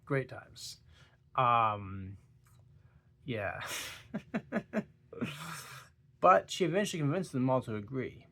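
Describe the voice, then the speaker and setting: A man's voice: mid-range voice, very animated, slow, gravelly, pauses often, fairly bright tone. A tired, yawning young man talking casually about a book, rambling with stumbles and giggles. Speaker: book reviewer. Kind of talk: casual book talk vlog.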